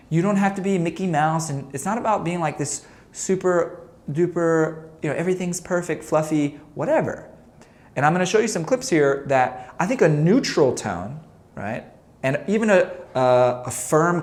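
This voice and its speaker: A man, a basketball coach, teaching a lesson to camera in a playful way, quizzing the viewer and then joking about the answers. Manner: playful, asks quiz questions and answers them with jokes; acts out shouted examples, voice leaps high. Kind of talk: instructional talk to camera.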